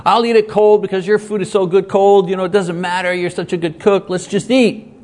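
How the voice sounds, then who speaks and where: A man's voice: high voice, little pitch movement, darkish tone, pitched above the performer's own voice, close to an everyday voice. A man voicing a breezy husband who shows up late for dinner and waves off the problem. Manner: brushing things off, upbeat and hurried. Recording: long hall reverb.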